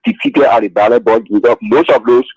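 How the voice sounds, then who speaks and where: Gravelly caller over phone. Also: male voice, mid-range voice, lively intonation, a little fast, a little mellow, no room sound. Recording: phone line into radio.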